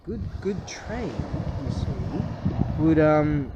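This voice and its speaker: Man vlogger, slightly high voice, scornful profane rambling rant, loud vehicle noise behind. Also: animated, slow pace, highs cut off. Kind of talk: casual political rant.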